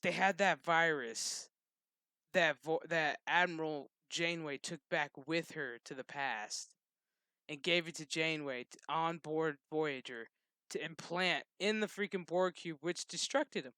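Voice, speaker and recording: A man hosting his own channel, ranting casually and profanely in a rambling, animated way. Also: a little high, measured pace, smooth, no room sound, clean studio sound. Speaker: gaming channel host. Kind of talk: casual rant.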